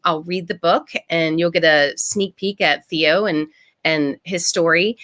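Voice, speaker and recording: A woman author giving a live storytime over a video call, reading her picture book with lively expression and stopping to explain words simply for children. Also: medium pitch.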